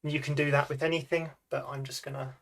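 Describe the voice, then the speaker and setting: A man's voice: medium pitch, flat delivery, quick pace, a bit bright. Man patiently explaining board game rules. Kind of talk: casual tabletop playthrough chat.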